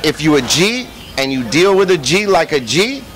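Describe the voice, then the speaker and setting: A man in his forties from California, a guest in a casual interview, telling animated stories and acting out the voices of people in them. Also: fairly high pitch, moderate pace, soft background music, rough recording. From Santa Barbara, California. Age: 40s. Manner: animated storyteller, acts out voices in anecdotes. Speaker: radio executive, interview guest.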